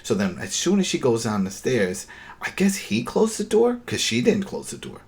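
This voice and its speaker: A man co-hosting a podcast, retelling a TV episode in a casual, animated and exasperated way, often restarting his sentences. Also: medium pitch, normal speed, creaky. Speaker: podcast co-host.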